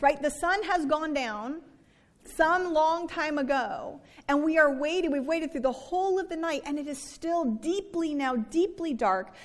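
A woman reading scripture and preaching a sermon in an earnest, conversational way. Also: high voice. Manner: earnest, conversational, acts out quoted complaints. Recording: reverberant worship hall.

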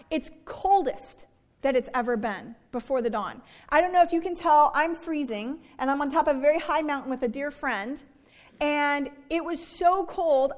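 A woman reading scripture and preaching a sermon in an earnest, conversational way. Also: sits high. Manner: earnest, conversational, acts out quoted complaints. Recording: reverberant worship hall.

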